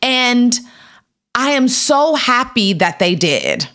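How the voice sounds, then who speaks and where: A woman in her thirties, an actor being interviewed, telling a candid personal story in a casual, filler-heavy way and acting out the voices she quotes. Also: slow pace. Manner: animated, acts out quoted voices with big pitch jumps; casual, filler-heavy, laughs between lines.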